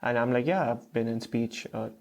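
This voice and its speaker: A young man who stutters, talking in short phrases with fillers and pauses as an interview guest. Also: medium pitch, vocal fry, darkish tone. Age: young adult. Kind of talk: casual interview talk.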